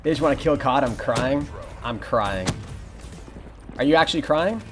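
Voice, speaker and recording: A young man commentating his live game stream, greeting viewers and answering chat in an excitable, casual way. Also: mid-range voice, normal speed. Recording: music playing behind.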